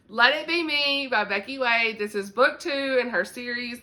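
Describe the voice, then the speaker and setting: A woman's voice: a little high, a little slow, pushed and bright. A young woman with a Southern US accent chatting casually to camera about books, laughing often and saying "y'all.". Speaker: book vlogger.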